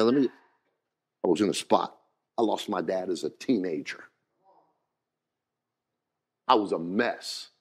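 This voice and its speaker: Gravelly preacher swinging from hush to shout. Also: male voice, fairly low pitch. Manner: folksy, says "ain't" and "gotta". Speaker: pastor. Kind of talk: sermon.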